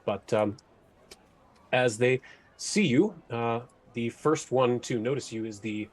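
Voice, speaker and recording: A man's voice: medium pitch, slow pace. A man running a tabletop game as game master, describing scenes with many hesitations.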